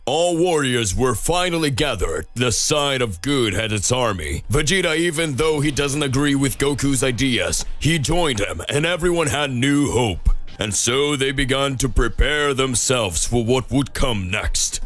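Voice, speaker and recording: A man narrating a fan-made story in a steady manner. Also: mid-range voice, unhurried, hardly any pauses, faint music behind.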